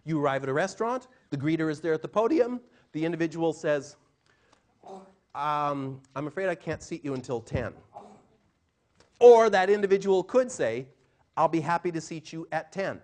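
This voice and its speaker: A middle-aged man, a communication trainer, giving an animated live seminar talk to a room and acting out quotes in changing voices. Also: fairly high pitch, moderate pace.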